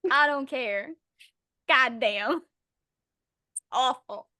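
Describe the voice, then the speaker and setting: A young woman co-hosting a podcast, ranting in a blunt, profane, animated casual chat. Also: sits high, extremely slow, no echo, studio quality. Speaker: podcast co-host.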